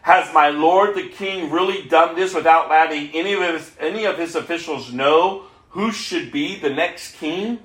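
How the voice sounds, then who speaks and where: A man's voice: a little high, moderate pace, hardly any pauses, fairly bright tone, lightly acted. A man reading aloud the lines of an urgent prophet in a plain, earnest voice, in an echoey room. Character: Nathan, urgent male prophet warning the king.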